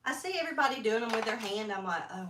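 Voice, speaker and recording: A woman's voice: a little high, lively intonation, rapid-fire. Chatty woman in an echoey room. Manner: chatty, laughs often. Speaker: sewing instructor. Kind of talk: casual sewing demonstration chat. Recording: echoey room with background noise, from a distant mic.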